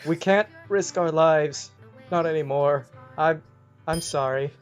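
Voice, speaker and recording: A man voicing a timid, apologetic girl in an amateur fan-fiction reading, with a soft, halting delivery. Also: a little high, soft background music.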